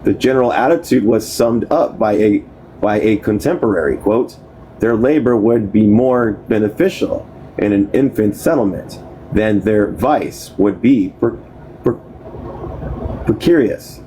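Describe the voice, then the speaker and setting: A man with a low, mellow voice reads a history text aloud. He stumbles often, breaking off mid-word to start again and correct his pronunciation. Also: slight background noise, poor audio. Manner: halting reading, restarts and corrects mispronounced words. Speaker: book reader. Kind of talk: reading a history book aloud.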